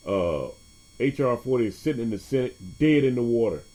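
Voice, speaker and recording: Hosting his own podcast, this man talks at a medium pitch in an animated, brisk, mellow way. It's a casual monologue, loose and full of swearing, with frequent laughter and jumps between subjects.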